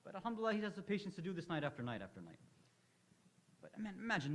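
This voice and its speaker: A man with a fairly high voice gives a religious lecture in a hall with a long reverb. He tells stories in a relaxed, conversational way and acts out the dialogue. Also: quick pace. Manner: conversational storytelling, acting out quoted dialogue. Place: hall of an Islamic center.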